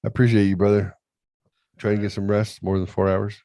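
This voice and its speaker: A man's voice: lowish voice, flat delivery, a little fast, mellow, no room sound, clean studio sound. A man hosting a talk show, chatting crudely and rambling, often acting out other people's voices in his stories. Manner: profane, rambling, acts out voices in anecdotes. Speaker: podcast host. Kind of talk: crude comedic chat.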